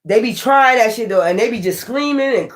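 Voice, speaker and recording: A woman giving a casual tarot reading, her voice sitting a little on the high side. She talks straight to the viewer in an animated, profane way and laughs often. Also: brisk. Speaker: tarot reader.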